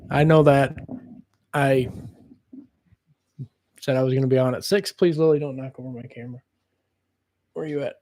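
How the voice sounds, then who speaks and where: A man chatting casually on a home livestream, rambling and pausing as he talks to his viewers and his cat. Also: medium pitch, steady tone, warm tone, no room sound. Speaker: snake breeder livestreaming. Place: room at home.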